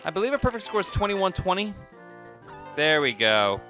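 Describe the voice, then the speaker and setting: A man's voice: sits high, very animated, normal speed, pushed and bright, soft background music. A man giving casual, jokey gameplay commentary as a let's play host, chatting to the game as he plays.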